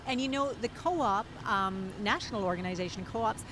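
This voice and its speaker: A woman giving lively live commentary at an outdoor street parade, exclaiming at what passes by. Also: medium pitch, normal speed, background noise. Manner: enthusiastic, exclaiming. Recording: music playing behind.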